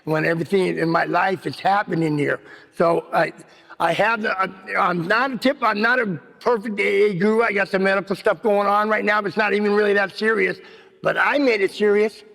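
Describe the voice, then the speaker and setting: A man's voice: high-pitched, steady tone, a little fast, gravelly, fairly bright tone. A man giving a rambling personal recovery share at a meeting, full of "you know what I mean.". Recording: long hall reverb.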